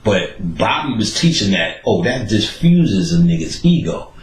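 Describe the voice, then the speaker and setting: A man hosting a podcast, telling stories in a profane, animated way and acting out the people he quotes. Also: fairly low pitch, measured pace, echoey room, rough recording. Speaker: podcast host. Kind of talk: casual storytelling monologue.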